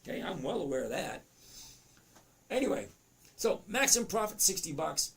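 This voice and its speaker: Very animated and speaking at normal speed, this trading educator in his fifties has a high, creaky, somewhat bright voice that cracks. During his live trading lesson he chats freely, reads viewer comments aloud, and interrupts himself.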